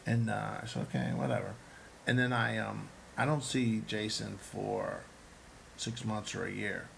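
A man's voice: on the low side, fairly even intonation, a little slow, creaky, a bit bright, a little hiss or hum, rough recording. A man, an actor and comedian, telling a long story in casual chat, acting out the quotes and swearing freely.

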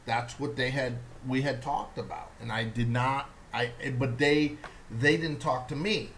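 A man hosting a relaxed conversation. He tells stories with animated energy, often breaking into laughter as he acts out the people in them. His voice sits at an ordinary pitch, with a faint hum of noise behind him. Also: measured pace, low-quality recording. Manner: animated storyteller, laughs through his own impressions. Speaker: podcast host. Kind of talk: casual chat.

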